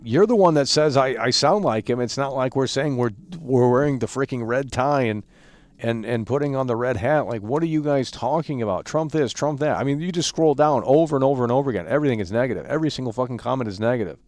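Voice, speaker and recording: Guy streaming games and ranting at chat, swears a lot, stammers, mid pitch, dry close sound. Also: quick pace, darkish tone, no room sound. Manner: ranting, profane, dismissive, stammers and repeats words. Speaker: game streamer. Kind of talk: live-stream commentary reading chat and comments.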